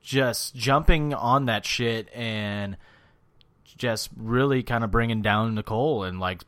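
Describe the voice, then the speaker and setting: A man co-hosting a podcast in casual, profane chat, animated and quick to mimic others. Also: medium pitch, no room sound. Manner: profane, animated, mimics people in funny voices. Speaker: podcast co-host.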